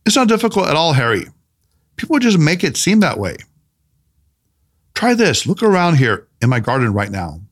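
A man's voice: a little high, sing-song, moderate pace, pauses often. A man reading as Tanaka, a teasing wise teacher. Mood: gently insistent. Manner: gentle, teasing, emphatic. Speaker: mentor character in an audiobook. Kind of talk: audiobook character reading.

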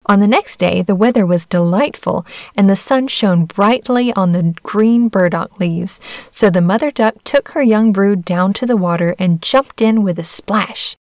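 A woman reads a fairy tale aloud in an even, measured storybook manner. Her voice sits at a middle pitch. The sound is close and dry. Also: no echo. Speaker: narrator. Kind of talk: storybook reading.

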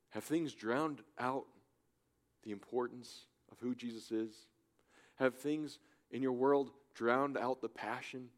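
A man preaching a sermon as a church pastor, swinging between loud urgent appeals and hushed, soft pleas. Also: mid-range voice. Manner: impassioned, swings from loud urging to hushed softness. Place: church in Germany.

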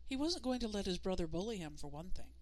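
A woman narrating a novel in a steady, measured storytelling manner. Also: mid-range voice. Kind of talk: audiobook narration.

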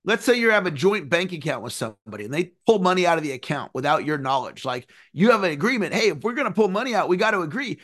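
A man in his forties giving an earnest, animated motivational lesson, sometimes singing a phrase. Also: sits high, fast talker, few pauses. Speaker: success coach. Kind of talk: motivational teaching talk.

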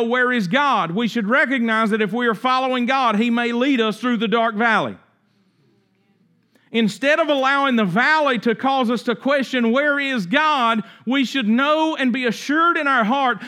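A man's voice: very high-pitched, normal speed, sharp tone. A middle-aged man preaching a sermon, reading scripture with rising and falling intensity. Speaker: pastor.

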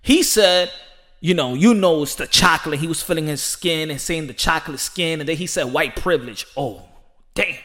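A man giving rambling, animated casual commentary as a boxing vlogger, laughing often. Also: fairly high pitch, moderate pace.

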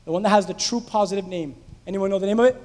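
A man with a strikingly high voice delivers a casual, story-driven sermon. He turns to the congregation with questions as he goes. His voice carries a long reverb, as in a large sanctuary. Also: racing, darkish tone. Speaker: pastor. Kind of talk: conversational sermon.

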